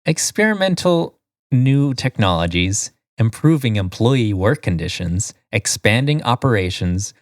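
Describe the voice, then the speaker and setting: A man's voice: lowish voice, big pitch swings, a little slow, no echo, studio quality. Man reading quiz options. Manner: reads quiz options in a sing-song list, giggles often. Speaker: podcast co-host. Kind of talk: casual chat, reading a quiz aloud.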